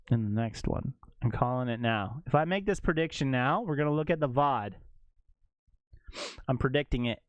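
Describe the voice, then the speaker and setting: A man streaming a game live, ranting in casual chat and leaping between low mutters and high exclaims. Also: no room sound. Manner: animated ranting, jumps to high exclaims and laughs.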